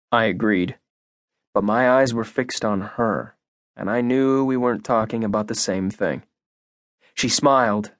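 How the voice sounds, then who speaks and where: A man narrating a first-person audiobook in an expressive, measured voice. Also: mid-range voice, no room sound, studio quality.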